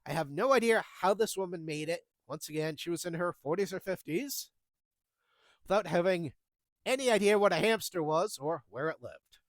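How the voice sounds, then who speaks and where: A chatty man tells his work stories in a wry, casual way. His voice sits high and swings up and down a lot. He is close to the mic with no room sound. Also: lively intonation, moderate pace, dry recording. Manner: chatty, wry, acts out the dialogue. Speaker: storyteller recounting retail jobs. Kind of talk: casual storytelling.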